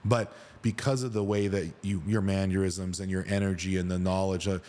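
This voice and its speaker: A man's voice: deep voice, little pitch movement, brisk, darkish tone. A man hosting a podcast who talks in an earnest, enthusiastic way during casual conversation.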